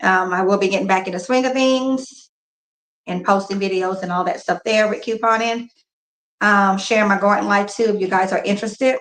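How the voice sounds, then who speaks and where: Grieving mom chatting to viewers in an echoey room. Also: female voice, medium pitch, fairly even intonation, moderate pace, a bit bright. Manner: candid and emotional, talks straight to viewers. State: grieving, subdued. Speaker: couponing vlogger. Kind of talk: casual live chat with viewers.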